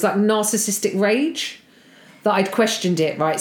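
Young woman comic, animated storyteller; roomy, echoey recording. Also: medium pitch, moderate pace. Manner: animated, acts out quoted voices. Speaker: comedian. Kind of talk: casual storytelling chat. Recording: roomy echo.

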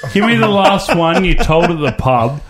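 Loose swearing host. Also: male voice, fairly high pitch, lively intonation, normal speed. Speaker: podcast host. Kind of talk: casual chat.

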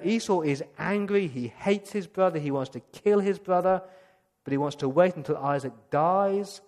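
A male pastor giving a lively storytelling sermon, acting out the scenes as he goes. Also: on the high side. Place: church. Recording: long church-hall reverb.

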